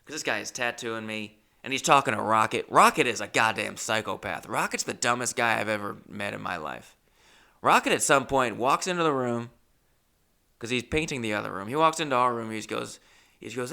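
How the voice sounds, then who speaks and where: A male comedian telling a story with profane, animated anecdote-telling. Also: medium pitch, brisk, gravelly.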